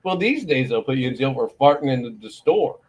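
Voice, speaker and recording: A man's voice: medium pitch, big pitch swings, a little fast, a little mellow. A middle-aged man, hosting a morning show and telling rambling, profane stories. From Florida. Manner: rambling storyteller, profane, laughs often. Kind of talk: casual chat.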